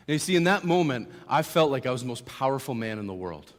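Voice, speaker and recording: A man's voice: medium pitch, very animated, quick pace, hardly any pauses. Earnest young man preaching testimony. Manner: earnest storytelling, swings from hushed to emphatic. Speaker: guest speaker giving testimony. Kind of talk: personal testimony sermon. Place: church sanctuary. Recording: long hall reverb.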